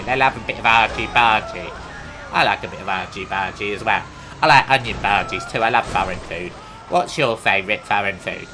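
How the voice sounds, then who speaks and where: A man's voice: medium pitch, poor audio. A man with a Cockney accent, rambling through a boastful, absurd comic monologue while playing a game. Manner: boastful, absurd, chatty tangents. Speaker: gaming comedy host. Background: music.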